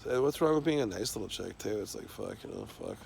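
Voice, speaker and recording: A man's voice: lowish voice, huge pitch swings, fast, vocal fry, darkish tone, a little hiss or hum. A man talking in a loose, rambling monologue, swearing constantly and trailing off into fillers and restarts.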